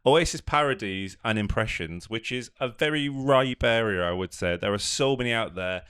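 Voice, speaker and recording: Wry man with a smooth, dry voice. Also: medium pitch, normal speed, fairly bright tone, dry recording. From north of England. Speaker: podcast co-host. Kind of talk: casual chat.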